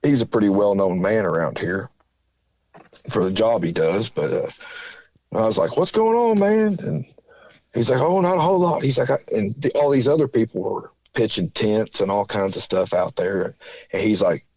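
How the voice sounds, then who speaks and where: Male caller from southern Indiana, rambling and folksy, lowish voice, dull dry lo-fi audio. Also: normal speed, a little mellow, slightly rough, no echo. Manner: rambling, folksy, many fillers. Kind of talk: casual storytelling.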